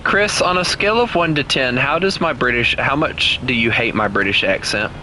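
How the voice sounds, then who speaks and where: Bright-voiced Southern US gamer man. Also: medium pitch, normal speed, slight background noise. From Southern United States. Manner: playful, teasing, laughs often. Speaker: game streamer. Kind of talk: casual gameplay chat with co-players.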